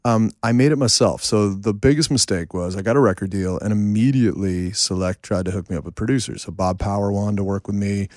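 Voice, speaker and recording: A man in his fifties, a songwriter and producer, telling animated, self-deprecating stories in a casual interview. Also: lowish voice, a little fast, few pauses, dry recording, studio quality. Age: 50s. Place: home studio room.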